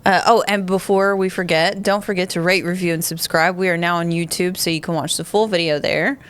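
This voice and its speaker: Lower-voiced woman hosting a casual podcast. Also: fairly even intonation, brisk, clean tone. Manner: chatty, laughs easily. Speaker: podcast host. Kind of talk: casual chat.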